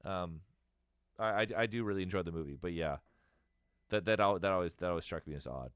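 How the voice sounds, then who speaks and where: A man's voice: low voice, a bit bright, smooth, no echo, clean studio sound. A man in his thirties in casual chat as a podcast host, rambling, swearing and laughing easily. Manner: rambling, profane, quick to laugh.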